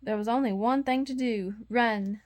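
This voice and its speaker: A woman with a fairly high voice reads a children's bedtime story aloud. She narrates expressively and voices the sound effects herself. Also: moderate pace, darkish tone. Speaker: storybook reader.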